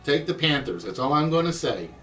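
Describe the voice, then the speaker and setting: A man hosting an online quiz show, chatting and thinking aloud, reading clues out slowly. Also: fairly high pitch, big pitch swings, fairly bright tone, recorded from a distance, a little hiss or hum, low-quality recording. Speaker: game show host. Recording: voice a bit off-mic with music behind.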